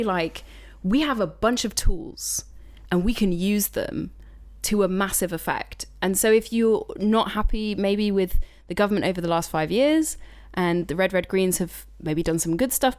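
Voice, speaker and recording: A woman from the United Kingdom, a climate activist guest, chatting casually on a podcast, frank and rambling, swearing freely. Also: lowish voice. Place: indoor recording.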